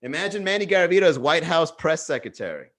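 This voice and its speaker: A man's voice: a little high, very animated, fast talker, a bit bright. A man hosting a casual comedy livestream, riffing profanely and acting out other people's voices.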